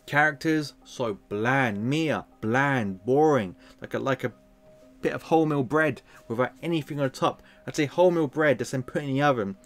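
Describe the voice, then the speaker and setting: A man giving a casual, sarcastic film review, animated and exasperated as he rants. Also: on the high side.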